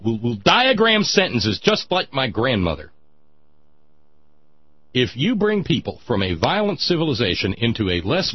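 Sardonic husky-voiced male commentator. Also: medium pitch, dry recording, highs cut off. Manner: sardonic, mocking, dry asides. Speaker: political commentary host. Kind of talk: sarcastic political monologue.

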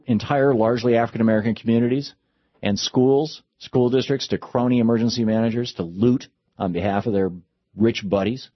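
A man's voice: medium pitch, no echo. A man delivering a political commentary monologue, impassioned and with sarcastic asides. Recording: dull lo-fi dry recording.

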